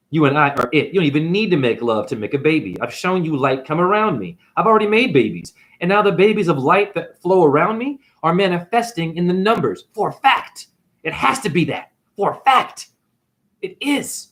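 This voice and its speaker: Animated, preachy man ranting on a livestream. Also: on the high side. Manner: animated, preachy, swings between shouts and mutters. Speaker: spiritual teacher and numerologist. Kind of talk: livestream rant.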